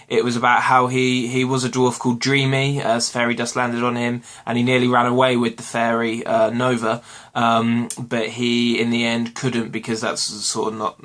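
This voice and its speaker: A man's voice: mid-range voice, bright, forceful tone. A British man reviewing a TV episode in a casual vlog at home, rambling and correcting himself with lots of ums and uhs. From Britain. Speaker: vlogger. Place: home room with washing hung behind.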